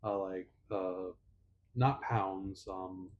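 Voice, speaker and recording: A man's voice: sits low, fairly even intonation, very slow, dull audio, slight background noise. A young man co-hosting a casual podcast chat, teasing his friend in a playful manner. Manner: playful, teasing, puts on voices in anecdotes. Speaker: podcast co-host.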